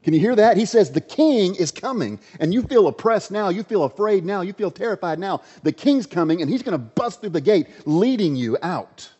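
A man delivers an emphatic sermon from a church pulpit, his voice sitting a little high with a mellow, soft-edged tone. The sanctuary rings with a long reverb, and the recording sounds dull and muffled. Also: expressive, brisk, few pauses, breathy edge. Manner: emphatic, varies loudness, drops to quiet asides. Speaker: preacher.

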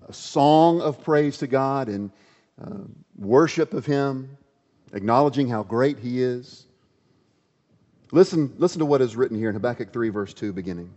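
A man preaching a sermon in a conversational, animated storytelling way, in an echoey, dull-sounding hall. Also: medium pitch. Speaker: pastor.

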